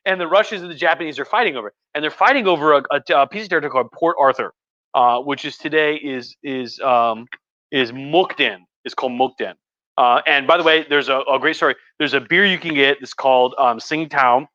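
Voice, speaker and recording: Here the lecturer's voice is mid-range, brisk, bright and forceful, recorded lo-fi with no echo. Tipsy from wine, he rambles through a casual history talk on a live stream, cursing often and performing mocking voices.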